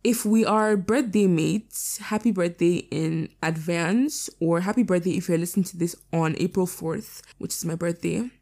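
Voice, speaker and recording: Hoarse teenage girl, low mellow voice. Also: moderate pace, few pauses. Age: teens. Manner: chatty, swears casually, many "like" fillers. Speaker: podcast host. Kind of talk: casual solo podcast chat. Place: lying down indoors.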